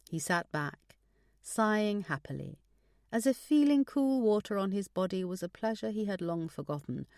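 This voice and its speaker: A woman narrating a suspense audiobook in a measured storytelling manner. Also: mid-range voice, animated, a little mellow, dry recording, studio quality. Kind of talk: scripted narration.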